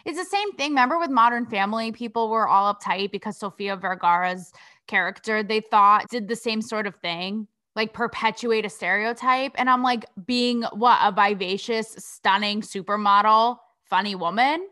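A woman's voice: medium pitch, normal speed, bright, forceful tone. A young adult woman from Connecticut hosting a podcast, delivering blunt, sassy commentary full of swearing and rhetorical questions. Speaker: podcast host. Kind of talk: casual commentary monologue.

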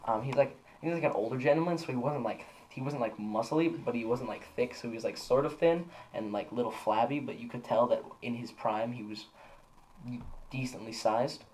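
A man's voice: medium pitch, brisk, a little mellow, low-quality recording. Young guy rambling thru a story on a podcast, lots of likes and ums, bit of hiss behind. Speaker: podcast co-host. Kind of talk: casual chat.

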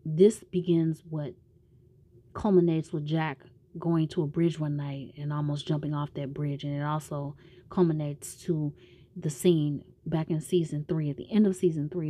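A woman's voice: low-pitched, flat delivery, unhurried, dark tone. A woman casually recapping a TV show in a slangy, rambling way, with some profanity.

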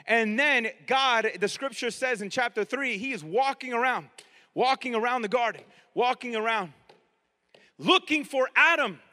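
A man preaching a sermon in a lively, conversational way, often turning to ask his listeners questions. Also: very high-pitched, normal speed, in a large hall. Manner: animated, conversational, asks the audience directly.

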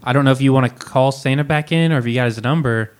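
Smooth-voiced playful podcast co-host. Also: male voice, medium pitch, quick pace. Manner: playful, mock-formal announcing. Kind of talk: casual comedic chat.

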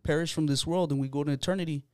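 Smooth-voiced man telling an earnest story. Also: on the high side, steady tone, very fast, darkish tone, no room sound, studio quality. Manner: earnest storytelling with many fillers. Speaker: podcast guest. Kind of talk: casual podcast chat.

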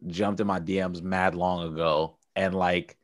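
A man's voice: deep voice, unhurried. A young man from Brooklyn, co-hosting a podcast and telling stories in loose, slangy casual chat. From Brooklyn, New York. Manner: loose, animated storytelling with slang and laughter. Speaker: podcast co-host.

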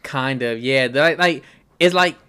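A man co-hosting a relaxed podcast conversation. He talks in a loose, slangy way and laughs easily, his voice sitting at a middle pitch. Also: measured pace, clean tone. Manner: laid-back, slangy, laughs often. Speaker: podcast co-host. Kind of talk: casual chat.

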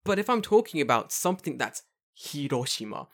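A man's voice: fairly high pitch, very animated, fairly quick. A man co-hosting a casual podcast, talking emphatically and swearing freely as he makes his point. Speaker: podcast co-host.

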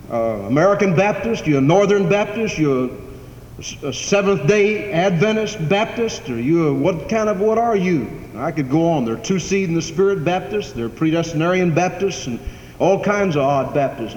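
A man delivers a sermon from a church pulpit, stacking repeated phrases into emphatic declarations. His voice sits fairly high for a man. The sound carries a long, roomy reverb with faint hiss underneath. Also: darkish tone, lo-fi sound. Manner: preacherly, repetitive cadence, rising to emphatic declarations. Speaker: pastor. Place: church sanctuary. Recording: echoey hall, faint background hiss.

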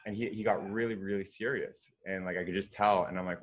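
A man with a very deep, low voice chats in a relaxed way. He tells stories loosely, full of filler words, as in an easygoing podcast conversation. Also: fast talker. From Canada.

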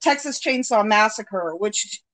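A woman hosting a podcast in casual chat, talking in a relaxed, drawn-out way. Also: medium pitch, low-quality recording. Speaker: podcast host.

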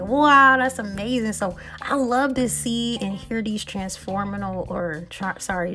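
Woman, podcast host, chatty, laid-back, mid pitch, faint music behind. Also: a bit bright. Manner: chatty, conversational, laughs often, repeats phrases. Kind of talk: casual reflective monologue.

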